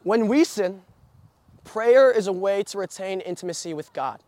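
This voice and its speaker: A man's voice: high-pitched, expressive, normal speed, dark tone. A young man preaching a sermon, telling stories with many restarts and fillers. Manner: storytelling with frequent restarts and filler.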